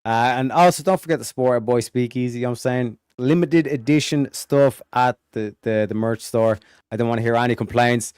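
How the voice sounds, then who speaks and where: A man hosting a casual livestream chat, reading viewer messages aloud, swearing and mocking loudly. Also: medium pitch, fairly quick, clear, resonant tone, dry recording, studio quality. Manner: profane, loud, mocking. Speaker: livestream host.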